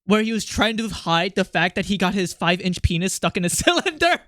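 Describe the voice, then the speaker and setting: A young man streaming while he draws, chatting casually with his viewers in a rambling, animated way, often breaking into laughter. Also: high-pitched, fairly quick, no room sound, studio quality. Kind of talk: casual livestream chat while drawing.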